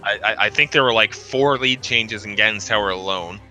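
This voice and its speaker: Bright, chatty male race commentator. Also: lowish voice, brisk, soft background music. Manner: chatty, rambling, laughs often, many restarts. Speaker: race commentator interviewing the racers. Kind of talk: casual post-race interview.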